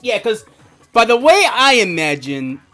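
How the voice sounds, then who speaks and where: A male streamer chatting loosely to his viewers, his pitch swinging widely up and down. He swears freely, laughs often, and leans on filler words as he tells his story. Faint music sits quietly behind him. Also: very animated, measured pace. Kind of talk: casual storytelling chat on a live stream.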